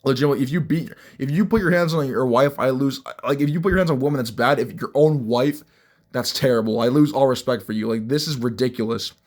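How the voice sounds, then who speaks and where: A man's voice: medium pitch, quick pace, a little mellow. A young man giving blunt, rambling, mocking commentary on fights, with frequent restarts. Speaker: MMA commentary vlogger. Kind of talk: casual ranting commentary.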